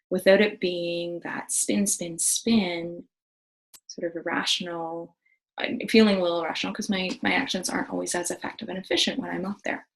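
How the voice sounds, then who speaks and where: Her medium-pitched voice is creaky, and the recording sounds rough. A middle-aged woman hosting a wellness video, she speaks casually to the camera, earnest and enthusiastic, stumbling through plenty of fillers and restarts.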